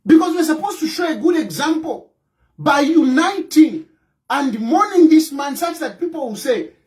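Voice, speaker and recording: A man's voice: extremely high pitch, lively intonation, moderate pace, a little mellow. A Zambian man with a Zambian accent, an opposition party leader giving impassioned political commentary, emphatic and scolding, repeating his points.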